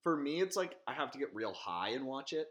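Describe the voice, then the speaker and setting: A young man co-hosting a casual podcast, cutting in with quick comebacks and reading out funny quotes. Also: medium pitch, big pitch swings, a bit bright. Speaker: podcast co-host.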